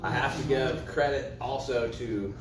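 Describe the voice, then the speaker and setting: A man's voice: medium pitch, unhurried, far from the mic. A man hosting a show, chatting casually and joking with laughter. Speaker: host. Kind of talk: casual chat. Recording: roomy, off-mic, noisy.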